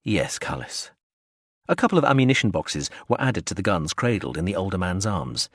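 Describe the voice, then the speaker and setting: A man narrating a science-fiction audiobook in a measured, expressive storytelling manner. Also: deep voice, no room sound, studio quality. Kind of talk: scripted narration.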